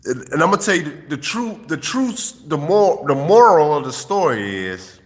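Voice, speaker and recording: A man's voice: on the high side, sing-song, normal speed, big-room sound. A man, host of his own channel, giving streetwise dating advice in a casual, profane vlog monologue into a phone. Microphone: phone held while filming.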